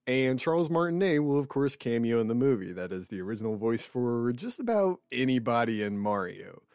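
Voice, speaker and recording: A man in his middle range of pitch hosts a podcast, chatting casually and reading news with a wry edge. The sound is close and dry, with no room behind him. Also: very animated, a little fast, a little mellow, clear, resonant tone, no echo. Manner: wry, chatty, reads news items aloud. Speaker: podcast co-host. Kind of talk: casual chat.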